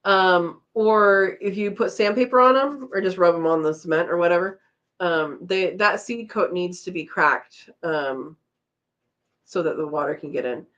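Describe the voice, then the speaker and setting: A woman's voice: on the low side, normal speed, a bit bright. A tired woman hosting a casual live chat, reading out viewer comments and chatting back with a laugh. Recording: slightly dull lo-fi audio.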